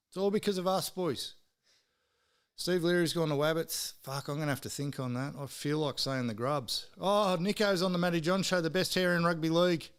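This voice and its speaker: An Australian man hosting a live stream, with a smooth, clean voice that sits a bit high for a man. He talks in a loose, casual way as he tips games. He swears freely and ribs his friends in the chat. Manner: swears freely, teases viewers and mates in the chat.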